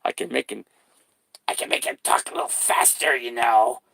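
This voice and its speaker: A man's voice: mid-range voice, moderate pace, vocal fry, background noise. A man chatting casually for his vlog, rambling loosely, swearing and laughing at his own jokes. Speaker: vlogger.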